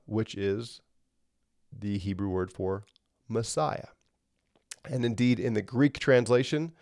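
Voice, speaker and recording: A man's voice: fairly low pitch, dark tone, dry recording, clean studio sound. A man teaching a Bible lesson in a conversational way, often checking in with the listener.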